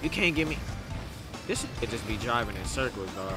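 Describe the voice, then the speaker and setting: A young man streaming a game, chatting casually and yelling at his teammates. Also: mid-range voice, lively intonation, normal speed, loud music behind the voice. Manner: trash-talking, breaks into loud yelling at teammates. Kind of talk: casual gameplay commentary.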